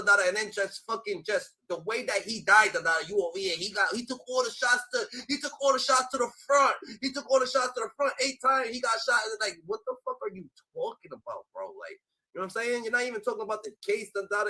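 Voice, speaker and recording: A man's voice: high-pitched, sharp tone. A man streaming a heated, profane reaction to a clip, mocking it and filling gaps with a repeated "da, da, da".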